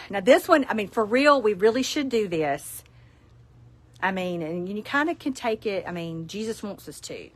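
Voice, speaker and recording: A woman's voice: medium pitch, expressive, normal speed. A middle-aged woman with a Southern US accent, running a casual live sales stream for her shop, chatting in a folksy way and laughing a lot. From South Alabama. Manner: chatty, laughs often, folksy asides to viewers. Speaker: store owner presenting products.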